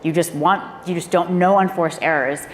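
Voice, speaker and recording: Low-voiced woman speechwriter in an echoey hall. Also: normal speed. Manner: animated, acts out quoted voices. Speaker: former speechwriter on a panel. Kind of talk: candid storytelling on a live panel. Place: event hall. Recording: echoey hall with faint noise.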